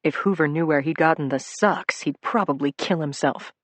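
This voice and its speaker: An audiobook narrator telling a crime story in a measured, dramatic way on a close studio microphone. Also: mid-range voice, dry recording.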